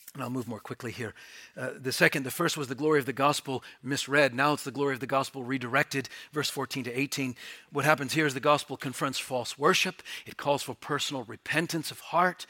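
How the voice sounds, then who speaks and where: A man preaching a sermon, animated and emphatic, rising to near-shouts when he presses a point. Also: mid-range voice. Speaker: pastor.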